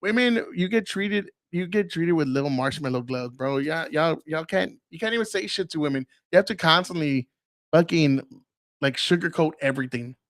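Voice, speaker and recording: Blunt, profane man with a higher voice. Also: lively intonation, moderate pace, fairly bright tone, no room sound, clean studio sound. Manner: tells stories by mimicking others. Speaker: podcast host. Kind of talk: casual monologue.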